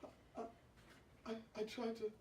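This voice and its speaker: A woman's voice: on the high side, completely flat delivery, takes it slowly, a little hiss or hum. Indignant woman telling a comic story. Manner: stammering with loud indignant outbursts. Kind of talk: comic monologue. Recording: echoey room from far off.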